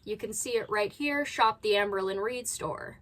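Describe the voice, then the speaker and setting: Bright, blunt woman reaction host. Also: mid-range voice, moderate pace. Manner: blunt, critical, sarcastic asides. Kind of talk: casual reaction commentary. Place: at home.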